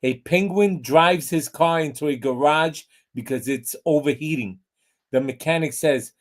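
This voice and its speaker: A man hosting a pet show in an upbeat, loud way and reading animal jokes. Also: on the high side, measured pace. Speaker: show host.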